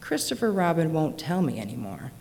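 A slow, soft-spoken toy bear of very little brain, as a woman reading a storybook puts him on. He answers hesitantly and gently. The voice rings with a long reverb. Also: low-pitched, sing-song, slight background noise. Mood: wistful. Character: gentle simple-minded male toy bear.

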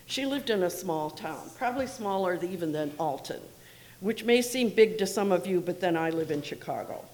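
A woman reading a picture book aloud to children in a room, expressive and lively, with asides to her listeners. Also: on the low side, normal speed, low-quality recording.

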